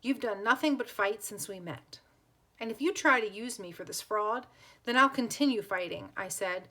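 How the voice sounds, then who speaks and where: A woman's voice: mid-range voice, normal speed, sharp tone. A woman reading a novel aloud, giving plain voices to the characters and now and then restarting a word. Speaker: audiobook reader.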